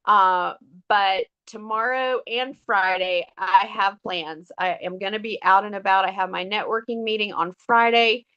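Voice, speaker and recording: A woman's voice: medium pitch, a little slow, clean tone. A middle-aged woman, talking casually and earnestly to her sales team, with many fillers and restarts. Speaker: direct sales team member. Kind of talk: casual motivational talk. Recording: dull lo-fi audio.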